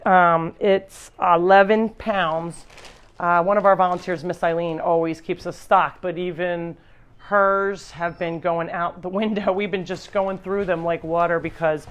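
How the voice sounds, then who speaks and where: A woman's voice: lowish voice, steady tone, a little slow. Chatty woman hosting a live stream. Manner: chatty, rambling with restarts. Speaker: animal sanctuary host. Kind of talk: casual live-stream chat.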